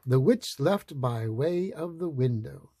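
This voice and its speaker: A man reading a picture book aloud, slow, playful and expressive. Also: medium pitch, no echo. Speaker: storyteller.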